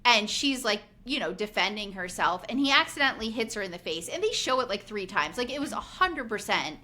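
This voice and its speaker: Bright and forceful, this woman's medium-pitched voice has a sing-song lilt and a fairly quick pace. She's a podcast co-host in her 40s, animatedly chatting through a casual recap, acting out quotes and saying "like" a lot.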